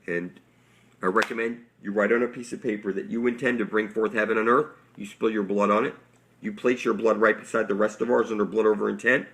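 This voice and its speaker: Man, gravelly fry in the voice, rambling monologue, intense and preachy, profane. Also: lowish voice, fairly even intonation, fairly quick, a bit bright. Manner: intense, preachy, profane, addresses viewers as "people". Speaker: online conspiracy speaker.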